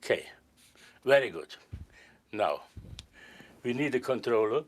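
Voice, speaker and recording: An older man performs as a stage magician, delivering live patter in a medium-pitched, animated voice at a slow pace. He jokes with his volunteers and treats them in a careful, courtly way.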